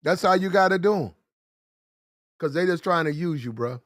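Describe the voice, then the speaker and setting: A man hosting a commentary show, ranting bluntly with profanity, repeating lines for emphasis and getting loud and fast when worked up. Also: fairly high pitch, expressive, dry recording, studio quality. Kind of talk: heated commentary rant.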